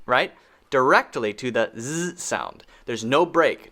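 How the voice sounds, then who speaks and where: Slow, playful American man teaching pronunciation. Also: medium pitch, expressive, bright, forceful tone. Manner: playful, repeats words slowly for drill, drops to near whispers. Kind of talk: casual online pronunciation lesson.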